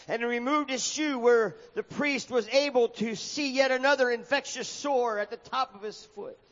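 A high-pitched male preacher moves at a moderate pace with hardly any pauses, dramatically narrating a story and acting out the characters' cries as shouted lines. The hall recording is dull and echoey.

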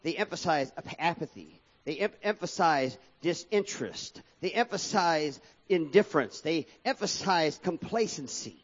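A man preaching a sermon as pastor, calling out to his congregation and swinging between pressing emphasis and quieter asides. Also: a little high, lively intonation, normal speed, muffled recording. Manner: preaching with rising and falling emphasis, addressing the congregation as folks.

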